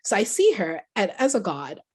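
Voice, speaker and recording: A woman author and motivational speaker telling a story as a podcast guest, animated and laughing often. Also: mid-range voice, normal speed.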